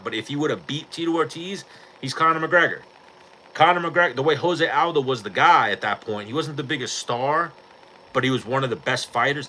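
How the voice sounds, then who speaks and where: A man's voice: medium pitch, pushed and bright, a little hiss or hum, poor audio. A man hosting a podcast in casual chat, talking bluntly with lots of swearing and rambling asides. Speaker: podcast host.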